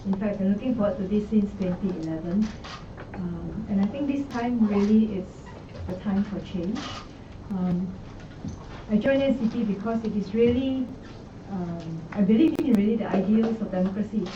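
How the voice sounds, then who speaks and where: A Singaporean woman speaks earnestly as a new candidate, stumbling through ums and restarts. Her voice comes from far off in an echoey office, muffled and set against clear background noise. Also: medium pitch, normal speed. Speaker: election candidate. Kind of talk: brief press conference statement. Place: party office. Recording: echoey, muffled, from a distant mic.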